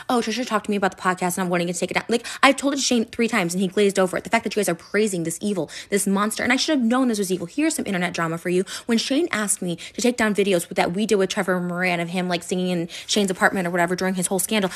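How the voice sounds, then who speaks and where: With a medium-pitched, fairly bright voice, an upset internet personality rambles through a hurt, emotional rant directly to camera, leaning on "like" and restarting and repeating herself.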